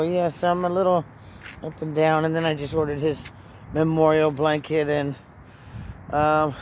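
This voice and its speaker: A woman speaks by a truck outdoors, sharing a personal Christian testimony. Her delivery is earnest and emotional, building into pressing questions aimed at the listener. Traffic and outdoor noise run clearly underneath her voice. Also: sits low, darkish tone. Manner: emotional, earnest, rising into urgent rhetorical questions. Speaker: Christian vlogger. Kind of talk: personal faith testimony and preaching. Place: in or beside a parked truck outdoors.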